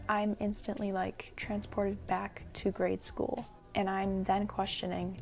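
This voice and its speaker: A young adult woman telling a personal story in an animated, dramatic vlog style. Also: mid-range voice, unhurried, gravelly, faint music behind. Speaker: vlogger.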